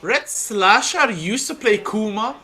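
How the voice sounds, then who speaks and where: Guy co-casting fighting game matches, super bright sharp voice, kinda high, lots of uhs. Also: expressive, slow. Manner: analytical, hesitant with many uh fillers. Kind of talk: live esports commentary.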